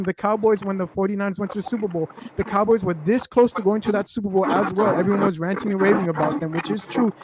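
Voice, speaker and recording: A man's voice: high voice, background noise. A man hosting a casual sports podcast, telling long rambling stories full of slang. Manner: rambling, animated storytelling with slang. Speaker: podcast host.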